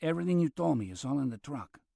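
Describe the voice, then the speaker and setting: A male narrator voicing a laid-back man with a Mexican accent who speaks in an unhurried, matter-of-fact way. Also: a little high, animated, gravelly, dark tone, no echo, clean studio sound, heavily acted. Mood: easygoing.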